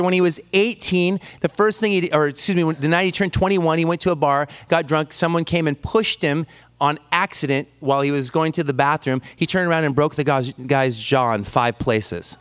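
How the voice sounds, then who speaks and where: A man's voice: a little high, fairly bright tone, clean tone. A man preaching a sermon, telling stories with self-deprecating humor. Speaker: pastor.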